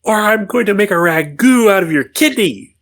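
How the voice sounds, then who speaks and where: A man voicing a manservant who makes a loud, laughing threat. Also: high voice, expressive, moderate pace, no echo, voice pushed up. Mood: threatening. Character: menacing manservant threatening with a knife.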